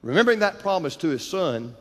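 A man preaching a sermon, telling a story dramatically, building intensity and dropping to hushed tones, in a church. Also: a little high, big pitch swings, quick pace. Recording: long hall reverb.

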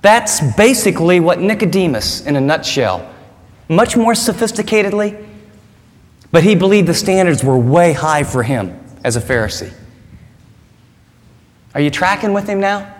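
A male pastor preaching with a high-pitched voice, emphatic and conversational, often posing rhetorical questions. His words hang in the long reverb of a large hall. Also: big pitch swings, moderate pace, pauses often. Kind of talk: sermon.

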